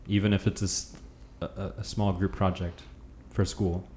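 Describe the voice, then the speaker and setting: Podcast host: man, lowish voice, easygoing interviewer, roomy echoey recording. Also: little pitch movement, moderate pace, mellow. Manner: easygoing, prompting questions. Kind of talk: casual interview. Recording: echoey room with faint noise.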